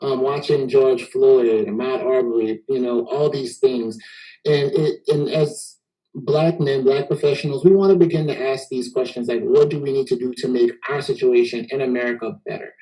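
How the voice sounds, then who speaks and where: A man's voice: mid-range voice, fairly even intonation, normal speed, dark tone, poor audio. A man from Texas hosting a casual panel discussion, easygoing and joking, often repeating words as he gets going. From Houston, Texas. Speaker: host.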